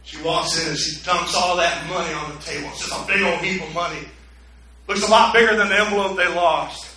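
A male preacher giving a sermon, telling a story dramatically and swinging from hushed to loud. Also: high voice, steady tone, brisk, very echoey, rough recording.

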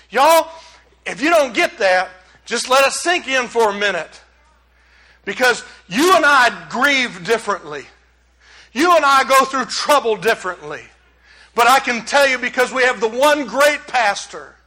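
A man's voice: very high-pitched, pushed and bright, low-quality recording. A male pastor preaching a sermon in a conversational, emphatic way full of rhetorical questions.

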